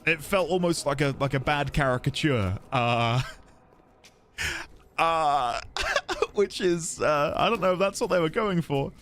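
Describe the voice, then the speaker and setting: A man casually commenting while playing a game, chatty and quick to laugh. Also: fairly high pitch. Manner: chatty, giggly, animated. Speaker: game streamer. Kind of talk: let's play commentary.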